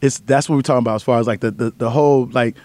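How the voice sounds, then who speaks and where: Male comedian guest, rapid-fire, animated storyteller, dry close mic. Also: medium pitch, dry recording. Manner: fast, animated storyteller acting out voices. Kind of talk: casual interview talk.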